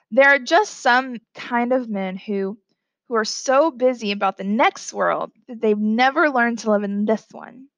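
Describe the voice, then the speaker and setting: A woman teacher reading a novel aloud to a class, giving the characters lively voices and stopping now and then to explain passages. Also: no room sound. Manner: reads dialogue with lively pitch jumps, stops to explain. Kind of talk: classroom read-aloud with commentary.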